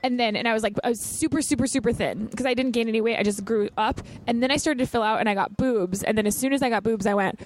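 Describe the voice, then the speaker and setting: A woman's voice: fairly high pitch, fast talker, hardly any pauses, a little hiss or hum. A woman co-hosting a casual podcast chat at a restaurant, chatty and joking, laughing often. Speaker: podcast co-host.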